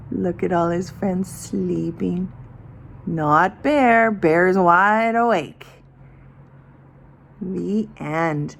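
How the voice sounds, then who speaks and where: A woman teacher reading a picture book aloud to children, expressive and inviting them to join in. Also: fairly low pitch, drawn-out words, gravelly, long pauses, a little hiss or hum.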